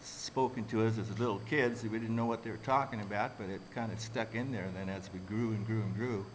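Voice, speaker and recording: Man, workshop speaker, reflective community talk, lowish voice, slight background hiss. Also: steady tone, fairly quick, low-quality recording. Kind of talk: public talk to a community audience.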